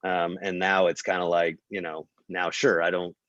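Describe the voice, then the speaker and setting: Deep-voiced guy telling set stories in an interview, acts out quotes, lots of "you know", dry dull-ish sound. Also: moderate pace, dry recording. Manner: animated storyteller, acts out quotes, many fillers and restarts. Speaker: film producer, guest. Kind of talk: casual interview storytelling.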